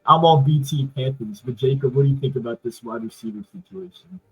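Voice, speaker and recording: Male sports podcast host, husky voice, rambling casual delivery. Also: mid-range voice, animated, a little fast, poor audio. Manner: loose, rambling, many fillers.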